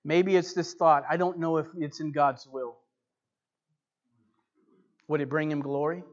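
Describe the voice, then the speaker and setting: A man's voice: a little high, fairly even intonation, a little slow. Earnest preacher man on lo-fi audio. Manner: earnest, emphatic, rising loud in the telling and dropping quiet to press the point. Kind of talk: sermon, reading a story aloud then preaching. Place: church building. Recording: dull lo-fi recording.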